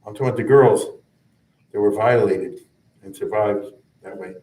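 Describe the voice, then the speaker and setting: A man's voice: on the low side, fairly even intonation, normal speed, mellow. A man teaching a rabbinic class in a conversational style, chanting verses and then explaining them with frequent asides. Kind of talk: informal explanatory lecture. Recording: echoey room, mic at a distance.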